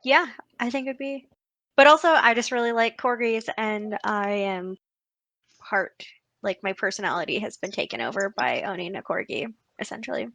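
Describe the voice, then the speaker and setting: Bright, chatty comedian woman. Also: mid-range voice, expressive, moderate pace, vocal fry, dry recording. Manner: upbeat, chatty, lots of "like". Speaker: comedian guest. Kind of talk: casual chat on a video call.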